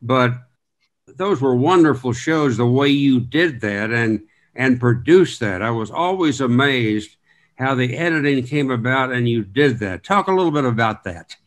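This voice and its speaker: A man hosting an interview in a relaxed conversational way, praising his guest and asking about his career. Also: mid-range voice, unhurried. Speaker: interview host, former sportscaster.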